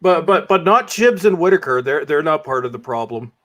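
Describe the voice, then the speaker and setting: A man's voice: a little high, lively intonation, brisk, a bit bright. A man guesting on a casual panel chat, critical and often repeating words as he starts a thought.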